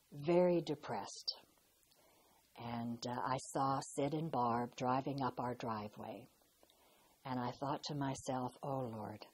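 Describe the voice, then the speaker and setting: An older woman recalling her past in a slow, reflective way, pausing and restarting as she tells her story. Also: low voice, darkish tone, slightly rough, rough recording. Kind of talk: personal recollection.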